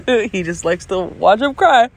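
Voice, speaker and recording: Tired, stuffy woman rambling slowly. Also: fairly high pitch, a little hiss or hum. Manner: rambling and encouraging, trails off and restarts. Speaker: friend sending a video message. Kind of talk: casual recorded message to a friend. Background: dog barking.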